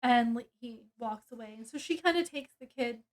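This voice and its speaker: A woman's voice: a little high, normal speed. A woman reviewing a book, casually retelling its plot in a rambling way with many fillers and restarts.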